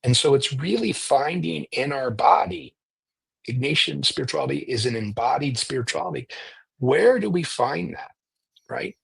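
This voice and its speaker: A priest leading a retreat, explaining prayer in a conversational, animated storytelling way and often checking in with "right?". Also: male voice, mid-range voice, moderate pace, creaky, slightly rough, no echo, poor audio. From United States. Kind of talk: conversational teaching.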